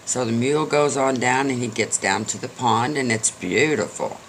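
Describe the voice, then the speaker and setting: An older man spins a folksy story in a chatty, joking way. His voice sits at a middle pitch, with a faint hiss of noise under the recording. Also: moderate pace, a bit bright. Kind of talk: casual storytelling.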